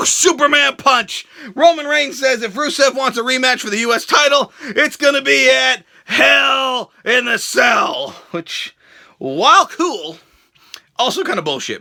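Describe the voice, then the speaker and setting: A young man hosting a wrestling review vlog, ranting crudely and sarcastically with occasional shouts. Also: very high-pitched, vocal fry. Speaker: show host reviewing wrestling.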